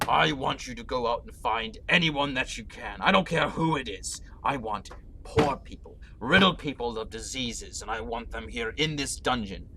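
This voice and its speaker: A man's voice: low voice, lively intonation, slow pace, pauses often, fairly bright tone, full character voice. A man voicing a cruel, sadistic villain lord in a tabletop game, menacing and contemptuous as he barks orders. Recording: clear background noise.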